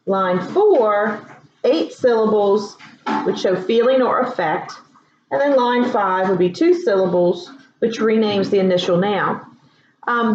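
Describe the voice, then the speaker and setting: A woman teaching a writing lesson in a casual, relaxed way, with lots of ums and asides. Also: mid-range voice, slight background noise. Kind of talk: casual classroom instruction. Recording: echoey room, dull lo-fi sound.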